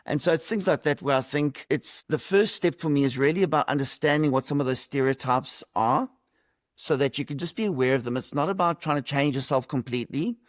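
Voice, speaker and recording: A South African man, a podcast guest, gives conversational interview answers over a video call, reflective and lightly humorous with many fillers. His voice sits on the high side and moves a little fast, with studio quality and no echo.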